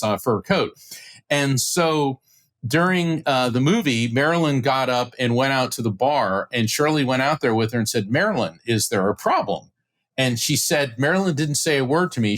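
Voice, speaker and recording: Middle aged guy on a podcast, excited storytelling, does little voices for everyone in it. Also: mid-range voice. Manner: acts out quoted voices, excited retelling. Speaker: podcast guest, psychic medium. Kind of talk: animated storytelling in an interview.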